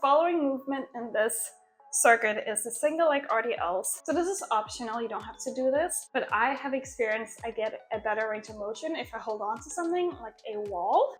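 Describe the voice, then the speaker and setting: A woman's voice: a little high, animated, fairly quick, soft background music. A young woman explaining workout moves step by step in a chatty vlog, recorded on a small mic. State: out of breath at the end. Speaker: fitness creator. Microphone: small new mic.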